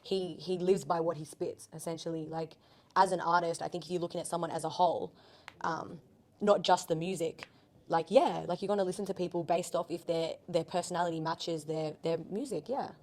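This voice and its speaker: Brisk and darkish in tone, her fairly low voice stays mostly even as she talks. She's a young Australian rapper guesting on a podcast, loosely chatting, peppering everything with "like" and wandering off topic.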